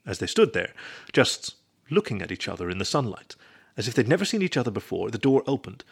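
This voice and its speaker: A man reading a story aloud as narrator in a steady storybook manner. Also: mid-range voice, a little fast, breathy edge. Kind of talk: scripted narration.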